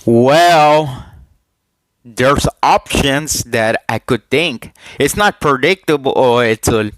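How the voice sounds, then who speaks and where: A man recording a casual vlog on a headset, talking in a halting way, repeating himself and asking viewers questions. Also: mid-range voice, fairly bright tone, no echo, poor audio. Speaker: YouTuber giving wrestling predictions.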